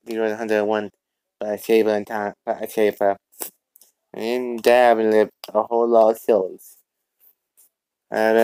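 Man voicing a solemn vet, fan comic dub, halting, earnest, slow, dry sound. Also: lowish voice, mellow, clear, resonant tone, no echo, low-quality recording. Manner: halting, earnest, stumbling over words.

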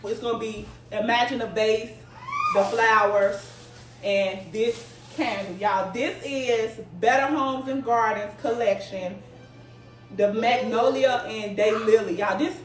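A woman's voice: on the high side, fairly even intonation, slow. A woman, chatting casually to viewers as she shows off home decor finds, recorded at home. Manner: chatty, addresses viewers as y'all. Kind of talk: casual haul vlog. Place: home, indoors. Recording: echoey room, mic at a distance, noisy.

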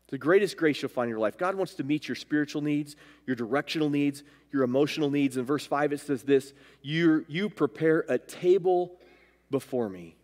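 A man's voice: a little high, fast talker, hardly any pauses, darkish tone. A male pastor preaching a sermon, emphatic, swinging his voice up and down for stress, recorded in a church sanctuary. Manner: emphatic, rising and dropping for stress. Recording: long reverb of a church hall.

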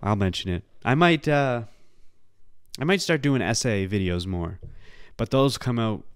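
A man's voice: medium pitch, expressive, unhurried, clear, resonant tone, no room sound, clean studio sound. A male podcast host rambling casually on his own, self-deprecating and swearing now and then.

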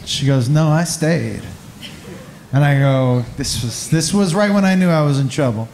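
A man's voice: a little high, moderate pace, a little mellow, roomy sound, slight background noise. A man telling a crude, self-mocking stand-up story on a comedy club stage.

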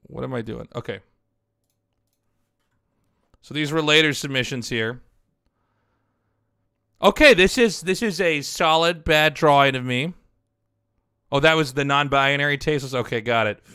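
Laughing man, crisp bright voice. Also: fairly high pitch, a little slow, long pauses, no echo, clean studio sound. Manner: laughs often, amused asides, swears. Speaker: streamer reviewing fan drawings. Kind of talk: casual stream commentary. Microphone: headset.

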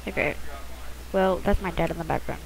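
A casual first-time gamer rambles through their own match, with muttered asides and self-conscious apologies. The voice has a gravelly fry, and the lips sit close enough to bump the mic. A clear hiss of noise runs under this home recording. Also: medium pitch, fairly quick. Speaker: gamer commentating own play. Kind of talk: casual gameplay commentary.

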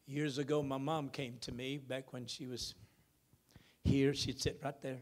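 A male pastor preaching a sermon in a church, with emphatic bursts and drawn-out words. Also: medium pitch, level tone. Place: church sanctuary.

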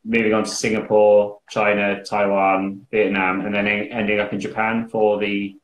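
A male interview host with a low voice, talking in a relaxed, rambling way full of fillers. The room around him is echoey. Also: normal speed. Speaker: podcast host. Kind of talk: interview questions.

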